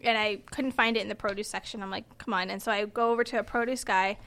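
Bright-voiced woman telling anecdotes. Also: mid-range voice, fairly even intonation, fast. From United States. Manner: laughs often while telling stories, mimics other voices. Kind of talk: casual chat, telling anecdotes.

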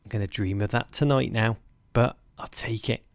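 A man's voice: on the low side, moderate pace, creaky, dry recording. An English man in his fifties telling a comic story as podcast host, wry and mock-grand. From Liverpool area, England.

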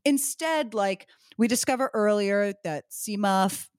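A woman co-hosts a casual podcast recap, chatty and sarcastic, scattering "like" through her sentences. Her voice sits in an ordinary middle pitch. The sound is close and dry, with no room echo. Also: unhurried. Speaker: podcast co-host.

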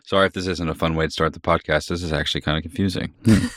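Very deep-voiced man musing on a podcast. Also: fairly even intonation, fairly bright tone, no room sound, studio quality. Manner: thinks aloud with pauses and restarts. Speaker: podcast co-host. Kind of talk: casual book-discussion chat.

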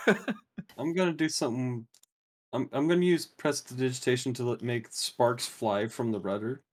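A man's voice: mid-range voice, normal speed. A man playing a tabletop game, hesitant and full of fillers. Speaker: player.

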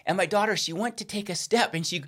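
A man's voice: sits high, fast. A middle-aged man preaching a sermon, telling a personal story and acting out the voices he quotes. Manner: animated, acts out quoted voices.

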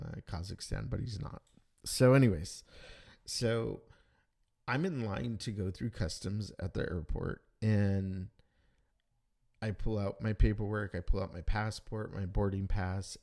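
A man casually retelling a tense travel story in a rambling, animated way, acting out the dialogue. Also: fairly low pitch, creaky.

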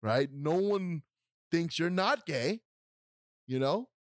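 Animated young man telling a story. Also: a little high, slow, no room sound, clean studio sound. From New York. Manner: animated, swearing, acts out quotes. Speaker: podcast co-host. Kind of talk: casual storytelling.

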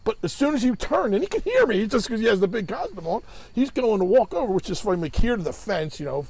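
A man's voice: sits high, very animated, fast talker, vocal fry, a little mellow, breathy edge. A man, telling a long, rambling, profane story in casual chat and acting out other people's voices.

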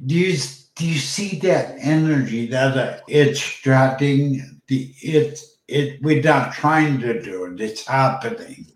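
A man of middling pitch hosts a casual chat, speaking with open gratitude and feeling. His voice rings in a roomy, echoing space. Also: lively intonation, takes it slowly, few pauses. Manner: emotional, grateful, choked up. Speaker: host. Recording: echoey room.

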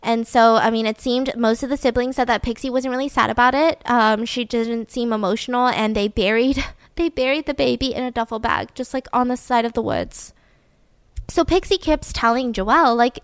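A woman's voice: fairly high pitch, brisk, no room sound, studio quality. A young adult woman telling a true-crime story in a casual, blunt way, swearing and using lots of "like". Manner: chatty, blunt, swears, fills with "like". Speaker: podcast host.

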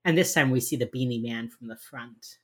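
A woman's voice: very deep voice, fairly quick, darkish tone, breathy edge. A woman co-hosting a casual chat, retelling a TV episode and acting out its characters' lines, with a mild speech impediment. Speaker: podcast co-host recapping a TV episode.

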